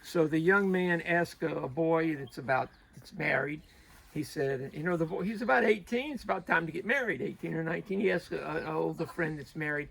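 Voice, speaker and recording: A man telling a long, rambling joke in a halting way, often restarting and laughing at himself. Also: on the high side, vocal fry, fairly bright tone, poor audio.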